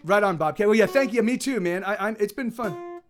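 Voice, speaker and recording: A man's voice: high voice, expressive, fairly quick, soft background music. A middle-aged male musician streaming live, chatting casually between songs and rambling with many restarts. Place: home streaming setup.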